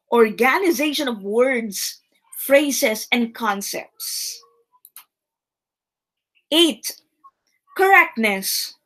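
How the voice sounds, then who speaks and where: Woman teacher, high voice, unhurried and emphatic, repeats key terms for students. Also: fairly bright tone, poor audio. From Philippines. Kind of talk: recorded classroom lesson.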